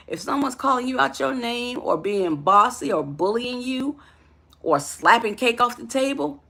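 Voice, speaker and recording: A woman's voice: a little high, vocal fry, fairly bright tone, husky. A woman life coach giving an emphatic motivational talk, calling the listener honey and baby.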